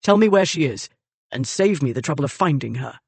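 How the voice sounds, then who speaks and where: A narrator voicing an urgent, commanding gentleman whose voice is low and rough, in a storybook reading. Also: animated, a little fast, no echo.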